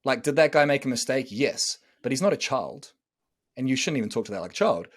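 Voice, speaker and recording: A blunt, emphatic man hosts a casual podcast conversation. He keeps slipping into quick impressions of harsh or sarcastic tones to make his point, with a voice of middling pitch. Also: lively intonation. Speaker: podcast host and relationship coach.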